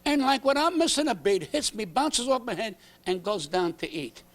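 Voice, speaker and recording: A man, a comedian telling rambling, animated stories as a talk show guest. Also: high voice, normal speed. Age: 80s. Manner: rambling, animated, acts out voices in his anecdotes. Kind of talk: comic storytelling. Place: TV studio.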